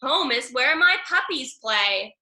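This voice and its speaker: A woman voicing a friendly mother sled dog, speaking brightly and cheerfully in rhyme. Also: high-pitched, lively intonation, exaggerated voice. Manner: brisk, cheerful, rhyming. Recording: echoey room.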